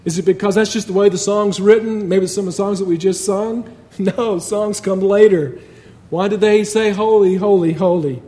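High-voiced preacher with a mellow tone. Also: male voice, moderate pace. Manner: conversational, emphatic, builds with repetition. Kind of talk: sermon.

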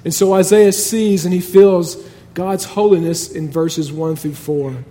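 A man's voice: high-pitched, fairly even intonation, unhurried, mellow. A man preaching a sermon in a conversational but emphatic way, building points through repetition.

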